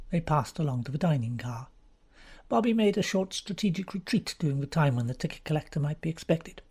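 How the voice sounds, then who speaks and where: Husky-voiced woman narrating a classic novel. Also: sits low, animated, fairly quick, darkish tone. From England. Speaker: audiobook narrator. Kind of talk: scripted narration.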